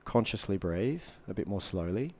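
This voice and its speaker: A man with a somewhat low voice talks as a podcast guest, sharing what he has learned as a coach. His delivery is loose and conversational. He swears freely and slips into lively acted reactions to make his points. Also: moderate pace, slightly rough. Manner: animated, swears freely, acts out quoted reactions.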